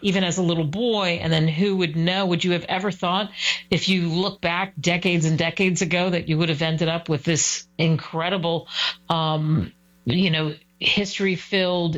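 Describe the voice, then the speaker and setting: A woman interviewer asking long, enthusiastic questions. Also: lowish voice. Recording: dull muffled recording.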